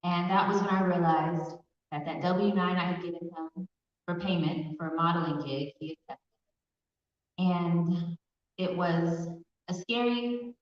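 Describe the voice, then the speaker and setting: A woman from Pasadena, California, with a fairly low voice, shares her personal testimony as a survivor speaker at an awareness event held in a large hall. She speaks earnestly, pausing hesitantly, and the recording is dull and echoey, picked up from a distance.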